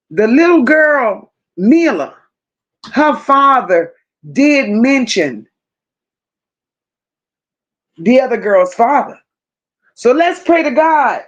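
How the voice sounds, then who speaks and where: Slow, emphatic woman host. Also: high-pitched, lo-fi sound. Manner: emphatic, repeats phrases, chats to viewers by name. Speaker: host reading live chat. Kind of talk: casual live-stream commentary.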